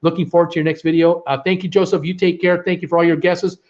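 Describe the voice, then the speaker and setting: Chatty man hosting a live stream, higher voice. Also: little pitch movement, fast, darkish tone, dull audio. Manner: chatty, rambling, full of uh fillers and thank-yous. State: voice tiring. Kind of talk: casual live-stream sign-off.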